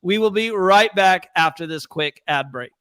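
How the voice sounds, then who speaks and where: A young man co-hosting a fan podcast in casual, animated chat, reading viewer comments aloud. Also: sits high, moderate pace, smooth, no room sound, studio quality. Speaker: podcast co-host.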